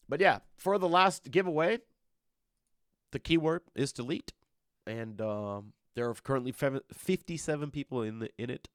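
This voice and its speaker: A man's voice: on the low side, no room sound, clean studio sound. A man leading a casual community meeting as a roleplay server's staff lead, talking in a rambling, stop-start way and often repeating words.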